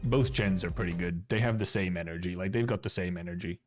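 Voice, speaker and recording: Faint music plays behind a low-voiced Finnish man who speaks at a quick pace. He's a streamer from Finland giving casual live-stream commentary on game content, rambling and often starting his words over.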